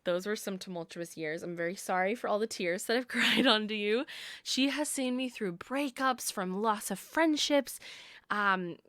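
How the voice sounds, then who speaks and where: Young woman podcast host, gushing and sentimental chat, clean smooth tone, dry booth-like sound. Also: medium pitch, normal speed, fairly bright tone, no echo. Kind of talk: casual chat.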